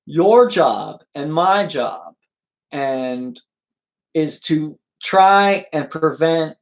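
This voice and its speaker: A man's voice: on the high side, animated, very slow, rough recording. A man hosting a livestream in an earnest, lecturing way, reading viewer comments and answering them by name. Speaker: livestream host.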